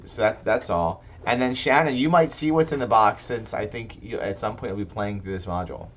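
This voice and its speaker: Man, very low voice, casual podcast host, rambling chat, frequent restarts. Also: fairly quick, a little hiss or hum. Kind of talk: casual chat about tabletop games.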